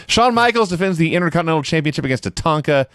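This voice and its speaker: Podcast guy telling it dry and wry, lively voice, dead dry mic. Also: on the high side, rapid-fire, clean tone, no echo. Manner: dry, wry storytelling, laughs often. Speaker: podcast co-host. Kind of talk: casual chat recapping shows.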